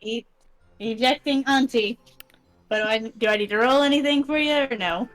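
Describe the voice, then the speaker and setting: A woman's voice: fairly high pitch, fast, fairly bright tone, faint music behind, rough recording. A woman playing in a tabletop game, playful and casual. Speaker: player. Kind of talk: casual role-play chat.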